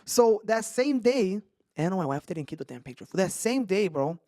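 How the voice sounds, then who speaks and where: A man telling scary stories on a casual podcast, animated, swearing and slipping into slang. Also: high-pitched, fairly quick, no room sound, clean studio sound. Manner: animated, swears a lot, mixes in Spanish slang. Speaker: podcast host. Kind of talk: casual storytelling chat.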